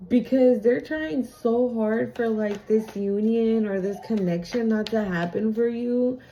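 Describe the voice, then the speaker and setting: A woman's voice: fairly high pitch, measured pace, mellow, slight background noise. Salty, laughing woman tarot reader. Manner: chatty and profane, laughs often. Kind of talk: casual spiritual reading.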